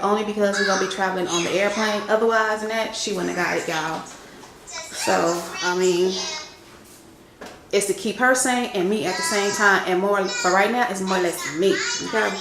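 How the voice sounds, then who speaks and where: A woman's voice: mid-range voice, background noise. A young woman chatting casually to her viewers in a home vlog, recorded in her kitchen. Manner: chatty, talks straight to viewers, says "y'all" often. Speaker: vlogger, stay-at-home mom. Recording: echoey room with loud background music.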